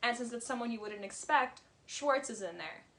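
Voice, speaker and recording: A woman vlogger talks through a reality show recap in casual commentary. Her voice sits a little high and bright, and her delivery is blunt and heated, with free swearing. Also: expressive, normal speed.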